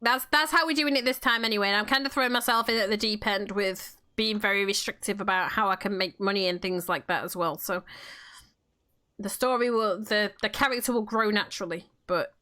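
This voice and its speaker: Bright-voiced Manchester woman, chatty and sweary. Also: mid-range voice, brisk. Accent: Northern English, Manchester area. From England, near Manchester. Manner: chatty, swears freely, frequent restarts. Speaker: game streamer and role-player. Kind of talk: casual chat while playing a game.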